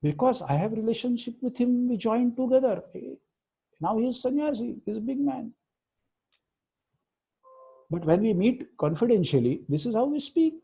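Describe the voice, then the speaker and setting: A middle-aged man with an Indian accent leads a casual religious class and moves between Hindi and English as he tells anecdotes. His voice sits high for a man and sounds husky and gravelly. The tone is mellow, not bright. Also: big pitch swings, moderate pace, long pauses, low-quality recording. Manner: storytelling, mixing Hindi and English, acting out quotes. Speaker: spiritual teacher.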